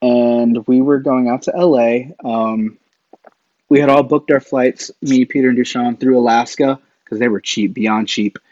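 A man's voice: mid-range voice, fairly even intonation, unhurried, a little mellow, no room sound. A man, a podcast guest, telling stories in a casual, rambling way, full of fillers and restarts. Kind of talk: casual storytelling. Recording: dull lo-fi dry sound.

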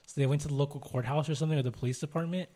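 Easygoing young man, a bit high-voiced. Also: steady tone, very fast, warm tone. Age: young adult. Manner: easygoing, chuckling storyteller. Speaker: podcast co-host. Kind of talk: casual chat.

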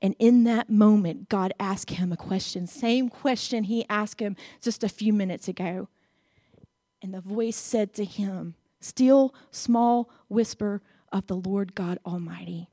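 A woman's voice: medium pitch, a little slow, mellow, no echo, studio quality. A woman preacher delivering a sermon, talking conversationally and asking her congregation direct questions.

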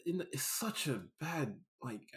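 A man co-hosting a casual film review chat, animated and laughing as he mimics scenes. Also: fairly high pitch, unhurried. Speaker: podcast co-host.

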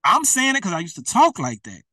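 Preacher, male, direct and repetitive, bright tone, sits back from the mic. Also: sits high, wildly swooping pitch, fairly quick, dry recording, far from the mic. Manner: colloquial, repetitive, direct address. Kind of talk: informal preaching to camera.

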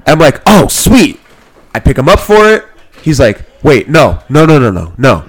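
Animated man telling a rowdy story. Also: medium pitch, brisk. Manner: animated, laughs often, swears, acts out both sides of stories. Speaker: podcast host. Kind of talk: casual storytelling chat. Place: small room, sitting on a kid's trampoline. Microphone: own mic close to a second mic.

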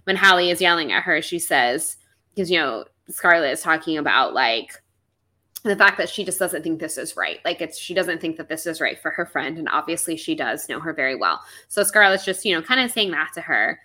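A young woman co-hosts a casual book-club podcast, her fairly low voice bright and ringing. She swings her pitch widely and jumps into playful voices for the characters. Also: brisk. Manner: animated, acts out characters' lines with big swoops. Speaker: podcast co-host.

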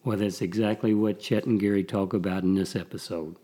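A man co-hosting a podcast in a friendly, agreeable way, often chiming in with quick assents. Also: fairly low pitch, fairly even intonation, dark tone. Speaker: podcast co-host. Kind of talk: casual chat.

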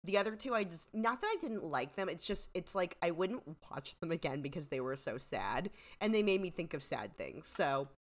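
Casual podcast co-host, woman, rambly and chatty, very animated pitch. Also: normal speed, hardly any pauses. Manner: chatty, trailing off with frequent "like" and "you know". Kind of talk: casual chat.

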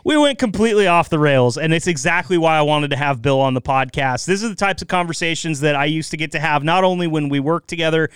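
A man hosting a laid-back podcast, his voice smooth and a touch high. He teases his guest easily and swears now and then. The sound is dry and close. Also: fast talker, few pauses, a bit bright, no echo. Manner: easygoing, teasing, swears casually. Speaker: podcast host. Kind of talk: casual chat.

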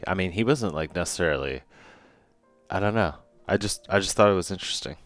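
Very deep-voiced, hesitant man. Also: animated, fairly quick, fairly bright tone, no echo, soft background music. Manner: hesitant, thinking aloud with many fillers. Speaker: podcast co-host. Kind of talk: casual movie discussion.

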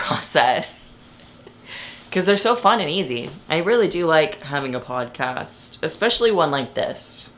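A woman's voice: low-pitched, fairly bright tone. A young woman hosting her own podcast from her bed, chatting casually and rambling, often interrupting herself and laughing. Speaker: podcast host. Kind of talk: casual chat. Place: bedroom, sitting on her bed.

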